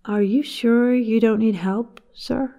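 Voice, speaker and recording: A man's voice: very high-pitched, steady tone, slow pace, warm tone, voice pushed up, full character voice. A man voicing a courteous, sweetly insistent female flight attendant in an audio story. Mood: polite. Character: polite young female flight attendant, knowing.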